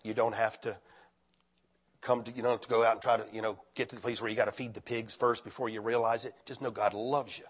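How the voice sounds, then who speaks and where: An older man, a retired pastor, preaching a conversational sermon that climbs into loud, fervent appeals. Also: mid-range voice, flat delivery, quick pace.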